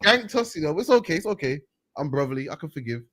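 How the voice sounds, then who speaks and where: A man's voice: on the high side, big pitch swings, fast talker, pushed and bright. A man hosting a reaction commentary, heated and mocking, ending phrases with "man". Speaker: host. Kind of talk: street preaching reaction commentary.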